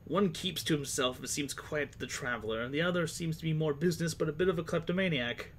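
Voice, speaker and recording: A man's voice: a little high, fast talker, slight background noise, lightly acted. A man reading a first-person synopsis as his con-man character, plainly and without an accent. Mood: wary. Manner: plain read-aloud narration. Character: scheming male charlatan, petty con man.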